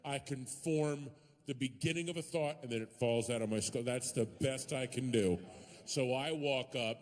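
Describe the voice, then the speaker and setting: A man doing stand-up comedy on stage, animated, breaking into loud high-pitched bits as he tells a story. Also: moderate pace. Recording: live hall with long reverb.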